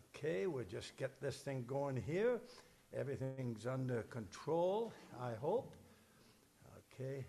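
A man's voice: medium pitch, vocal fry, a little hiss or hum. Pastor guy preaching at a church service, kinda emotional, chatty, voice bouncing all over the place. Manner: emotional, chatty, fumbling with notes and screen. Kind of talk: sermon with casual asides. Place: church service shared over video call.

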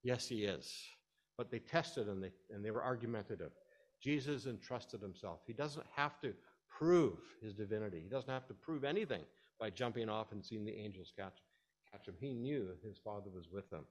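A man preaching a sermon, explaining scripture in a teaching tone and rising to emphatic, animated stresses. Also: fairly low pitch, normal speed.

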